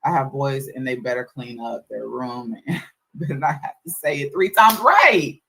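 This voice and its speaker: A woman's voice: a bass voice, expressive, normal speed, a bit bright, low-quality recording. A woman streaming live as a mother, venting casually about her kids and chores. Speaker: livestreamer mother. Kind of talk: casual livestream chat.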